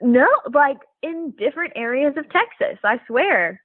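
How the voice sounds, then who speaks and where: A woman's voice: sits high, unhurried, dry recording. Bubbly young woman over a phone line. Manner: bubbly, laughs often, animated storytelling. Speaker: guest, Olympic pole vaulter.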